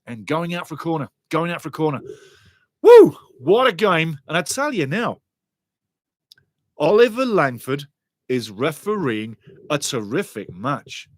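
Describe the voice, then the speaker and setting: A man giving lively, chatty live football watchalong commentary and greeting viewers in the chat. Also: fairly high pitch, normal speed, no echo, clean studio sound.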